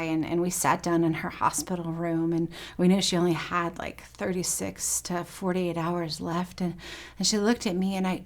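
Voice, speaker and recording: A middle-aged woman pastor giving a sermon, telling personal stories in an earnest way. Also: lowish voice.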